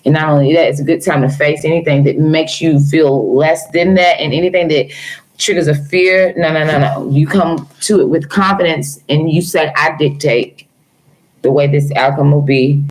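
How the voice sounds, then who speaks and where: Low-voiced woman reading tarot live. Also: fairly even intonation, moderate pace, poor audio. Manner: affectionate, calls viewers girl and honey. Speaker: tarot reader.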